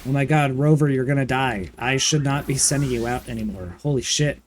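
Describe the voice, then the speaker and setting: A man chatting casually and campily while streaming a video game, with playful swearing and excited bursts. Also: mid-range voice, a little fast, a little hiss or hum. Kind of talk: casual gaming livestream chat.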